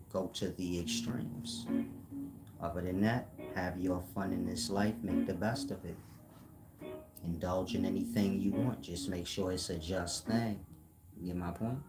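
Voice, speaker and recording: Deep-voiced man lecturing his stream chat. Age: older. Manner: blunt, lecturing, scolding trolls. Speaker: livestream host. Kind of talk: live-stream monologue to chat. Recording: loud guitar music behind.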